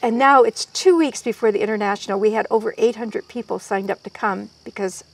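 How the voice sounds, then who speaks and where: A woman guest in an interview, telling stories in a lively way and quoting people as she goes. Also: mid-range voice, a little fast, creaky. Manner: lively storyteller, quoting others in their voices. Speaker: guest herbalist. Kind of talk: storytelling in an interview.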